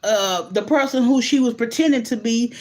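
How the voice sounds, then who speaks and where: A woman with a slightly high voice chats straight to her viewers. She is animated and incredulous, stumbles through restarts and keeps throwing in asides as she talks. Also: normal speed. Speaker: host. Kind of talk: casual commentary vlog.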